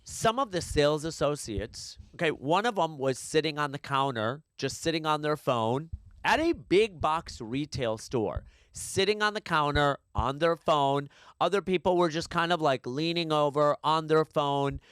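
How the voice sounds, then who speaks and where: A man's voice: fairly high pitch, lively intonation, moderate pace, fairly bright tone, clear, resonant tone, dry recording. A man co-hosting a podcast, ranting in a casual, exasperated way and swearing now and then. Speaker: podcast co-host. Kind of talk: casual rant. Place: New York City.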